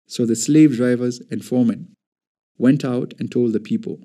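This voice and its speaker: A man narrating an audio Bible in an even, measured scripted reading. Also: medium pitch. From Kenya.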